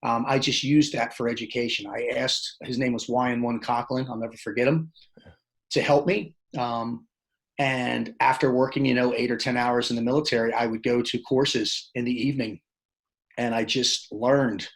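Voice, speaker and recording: A man's voice: medium pitch, moderate pace, low-quality recording. Guy on a podcast telling his story, mid voice, plain talk, acts out the quotes. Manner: animated, acts out quoted dialogue; plainspoken, loose phrasing with restarts. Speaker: podcast guest. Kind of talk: casual storytelling interview.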